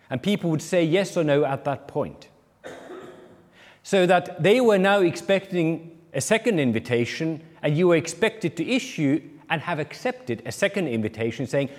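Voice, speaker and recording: A man's voice: fairly high pitch, expressive, normal speed, big-room sound. A man preaching a sermon, explaining a parable and briefly acting out the people he quotes. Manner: explanatory, acts out quoted speakers.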